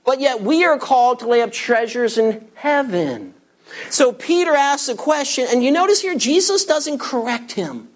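A man preaching a sermon as pastor, animated, reading scripture and acting out quoted voices of his listeners. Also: very high voice, normal speed.

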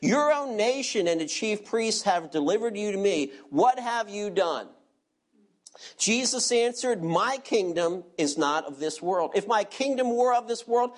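Man, pastor, expository sermon, emphatic, rhetorical questions, directs listeners to verses. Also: sits high.

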